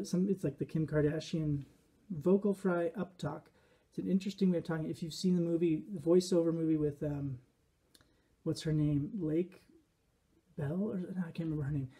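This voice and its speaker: Man, casual commentary, rambling and reflective, slightly high voice, husky. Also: steady tone, normal speed, mellow. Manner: rambling, reflective, with quoted asides. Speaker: behaviorist commentator.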